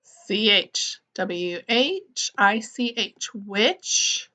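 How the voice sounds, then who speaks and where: A woman teaching an early-grade writing lesson, spelling words sound by sound and gently asking and answering her own questions. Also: medium pitch, sing-song. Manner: slow, sound-by-sound spelling for young children; gently encouraging, asks questions and answers them.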